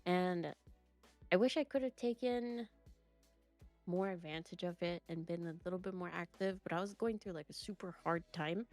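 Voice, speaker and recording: A woman's voice: on the low side, moderate pace, darkish tone, faint music behind. A young woman chatting as an interview guest, rambling with lots of fillers and restarts. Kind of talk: casual chat.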